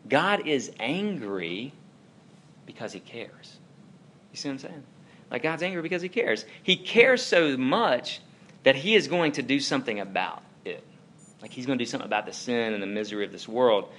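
A pastor in his thirties who preaches like he is chatting with friends. His pitch swings widely as he pushes a point, then drops low to bring it home, with a faint hum of room ambience behind him. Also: animated, moderate pace, fairly bright tone. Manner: informal, talks directly to the audience, many fillers like "like". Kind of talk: conversational sermon.

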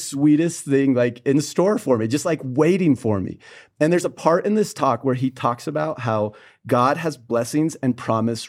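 A young man from Pennsylvania, co-hosting a casual faith podcast and telling a childhood story with lively storytelling. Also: mid-range voice. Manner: storytelling, animated. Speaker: podcast co-host.

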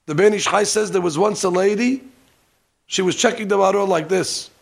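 A man teaching a hands-on religious lesson, animated and joking, dropping Hebrew terms as he demonstrates. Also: high-pitched, moderate pace, gravelly. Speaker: rabbi teaching. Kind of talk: demonstration lesson on ritual practice. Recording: archival lesson recording.

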